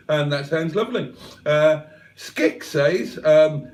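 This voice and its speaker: A man's voice: on the high side, lively intonation, takes it slowly, distant mic. A man from England hosting a casual livestream, reading the chat aloud with cheeky banter. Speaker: livestream host.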